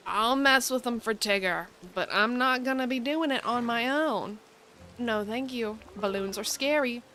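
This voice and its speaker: A woman's voice: a little high, expressive, unhurried, bright, forceful tone, slight background noise, poor audio. A young woman from the United States chatting in a rambling way, with plenty of ums and likes, as she streams a cozy game. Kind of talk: casual live-stream chat while playing.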